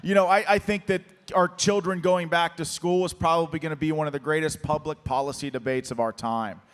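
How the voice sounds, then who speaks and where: A political candidate appears as a guest in a live on-stage conversation in a conference hall with an audience, delivering an emphatic, rallying campaign pitch. He's losing his voice, which is going hoarse, though his tone stays steady and his pace brisk. The hall gives a long reverb.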